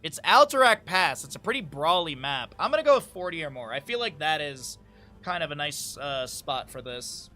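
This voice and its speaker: A man with a fairly high, bright and forceful voice, casting a game live on stream. He keeps it casual and upbeat, joking with his viewers. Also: expressive, normal speed, soft background music. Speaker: esports caster and streamer.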